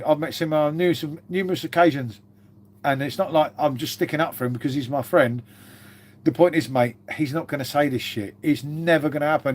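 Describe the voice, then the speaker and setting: A man's voice: fairly high pitch, a little mellow. A man chatting casually on a live stream, swearing freely and calling his viewers mate.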